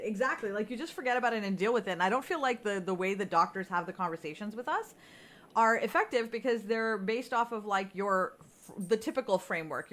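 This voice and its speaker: A woman's voice: medium pitch, fairly bright tone. Woman cohost just chatting, rambly and candid, swears a lot, kinda worn out. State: nauseous, tired. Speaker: podcast co-host. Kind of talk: casual chat.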